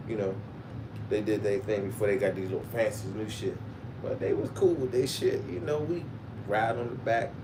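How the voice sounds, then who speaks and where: A man telling profane school stories on a livestream, swearing freely and breaking into loud laughter. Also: medium pitch. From Baltimore, Maryland. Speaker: livestream host. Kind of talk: profane storytelling monologue. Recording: distant mic with background noise.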